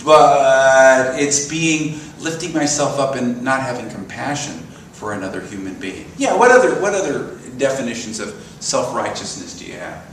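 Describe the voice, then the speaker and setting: A man's voice: medium pitch, moderate pace, gravelly, few pauses, a little hiss or hum. Older man preaching in an echoey church. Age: 60s. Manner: storytelling, animated, asks congregation questions. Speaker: minister. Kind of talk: sermon. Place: church sanctuary. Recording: roomy echo from a distant mic.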